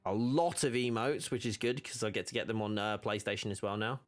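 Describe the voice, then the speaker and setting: A man's voice: lowish voice, brisk. A young man live-streaming a game, talking casually and rambling with many restarts.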